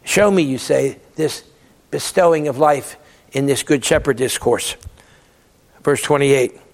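A man's voice: medium pitch, measured pace, creaky, long reverb tail. A man giving a Bible lecture, emphatic and repeating words to stress his points. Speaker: theology lecturer.

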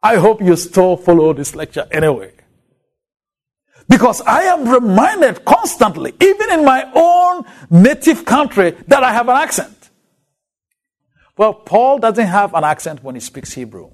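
A Ghanaian man with a Ghanaian accent gives a recorded Bible lecture, stressing words emphatically and drawing them out. His voice sits high and he is very animated.

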